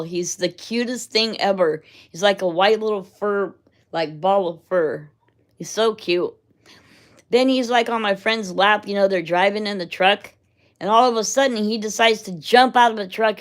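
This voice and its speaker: A middle-aged woman talking casually, wandering from story to story. Her voice sits at an ordinary middle pitch. She laughs often as she goes. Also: moderate pace. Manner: rambling, chatty, laughs often. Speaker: vlogger. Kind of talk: casual chat.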